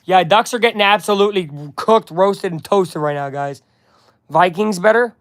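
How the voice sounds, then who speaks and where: A chatty man on a live stream, talking casually and reading aloud between quick asides to his viewers. His voice sits a little high. The sound is dry and close, with no room echo. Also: clean tone.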